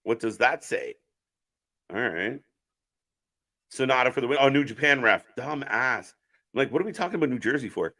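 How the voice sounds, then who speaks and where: Male stream host, bright, forward voice, loose chatty commentary while reading out chat. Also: medium pitch, expressive, moderate pace, long pauses. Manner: chatty, answers viewer chat while calling the action. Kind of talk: casual live wrestling watch-along commentary.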